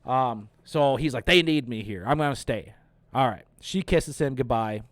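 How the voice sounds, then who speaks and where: A man hosting a casual movie review, retelling the plot in an animated, profane way and acting out the characters' lines. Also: mid-range voice, moderate pace, no room sound. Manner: animated, profane, acts out quotes. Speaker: host.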